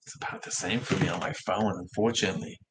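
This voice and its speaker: Young man with soft R's chatting. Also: sits low, fairly even intonation, quick pace, heavy background noise. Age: young adult. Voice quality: soft R's that come out like W's. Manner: rambling, self-correcting talk with frequent restarts. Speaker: livestream vlogger. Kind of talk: casual livestream chat.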